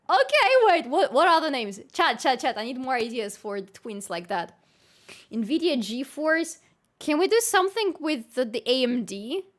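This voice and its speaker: A woman's voice: on the high side, fairly bright tone. A young woman chats casually with her livestream audience. She is playful and often bursts into squealing laughter between her remarks. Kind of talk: casual chat with live viewers.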